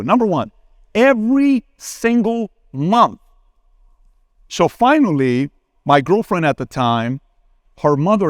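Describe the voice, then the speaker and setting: A man in his forties speaking on a conference stage and answering an audience question, telling stories and acting out conversations, with sudden jumps in pitch when he quotes people. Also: no echo, clean studio sound. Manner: animated, acts out dialogue with sudden pitch jumps; addresses crowd directly, asks for a show of hands. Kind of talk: live Q&A on stage, storytelling.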